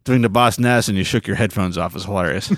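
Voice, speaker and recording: A man's voice: fairly low pitch, quick pace, no echo. A man co-hosting a casual podcast, reading listener emails aloud and laughing often.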